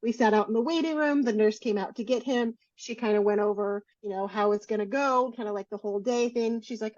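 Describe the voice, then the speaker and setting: A woman's voice: high voice, normal speed, no room sound, lo-fi sound. A woman co-hosting a podcast, telling candid self-deprecating stories in casual chat. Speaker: podcast co-host.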